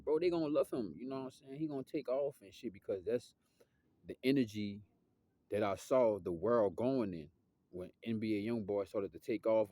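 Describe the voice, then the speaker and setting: A young man, talking in a loose, slangy, rambling monologue that drifts off topic. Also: warm tone. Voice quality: deep voice. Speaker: musician vlogger.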